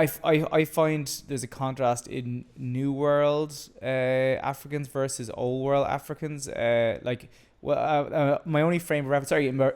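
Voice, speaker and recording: A man's voice: medium pitch, clean tone. A young man hosting a podcast, chatting loosely with a friend, swearing casually and restarting his sentences. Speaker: podcast host. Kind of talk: casual chat.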